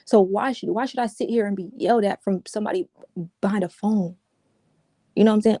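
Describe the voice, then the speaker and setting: A woman's voice: medium pitch, fairly quick, mellow, no room sound, clean studio sound. A woman giving an emotional personal account as an interview guest, talking casually and repeating herself. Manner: casual, repetitive, restarts often, says "yo".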